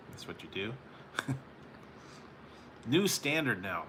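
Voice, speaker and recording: Very animated but slow-paced, a medium-pitched man with a fairly bright tone hosts a live stream and reads chat. He's from California and rambles casually with viewers, chuckling often, over slight background noise.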